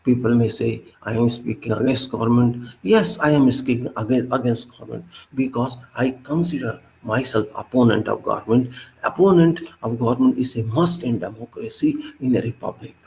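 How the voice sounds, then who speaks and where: A man's voice: medium pitch, normal speed, creaky, darkish tone, rough recording. A man with an Indian English accent giving an emphatic, lecturing political commentary monologue and repeating his points.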